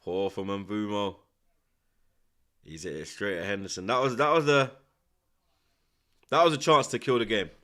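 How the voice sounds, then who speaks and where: A man with a London accent hosting a football watchalong, slangy and teasing, flaring up excitedly at the action from home. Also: fairly low pitch, normal speed, pauses often. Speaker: host. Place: at home indoors.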